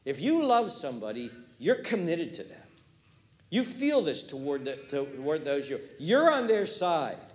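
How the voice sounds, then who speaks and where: A man preaching a sermon, animated, acting out quotes and swinging from hushed words to loud ones. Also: a little high, unhurried. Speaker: pastor.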